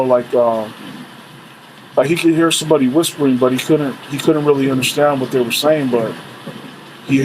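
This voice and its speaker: A man casually telling a true story from his days as a corrections officer, loose and rambling, full of "you know" fillers and swearing. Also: mid-range voice. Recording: faint rain and room noise behind.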